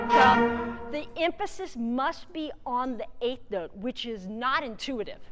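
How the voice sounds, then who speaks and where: A woman's voice: a little high, fairly bright tone. A woman leading a school wind band rehearsal, singing rhythms on syllables and counting the players in. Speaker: band clinician. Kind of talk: rehearsal instruction. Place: theatre stage with a wind band. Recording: long theatre reverb with band playing.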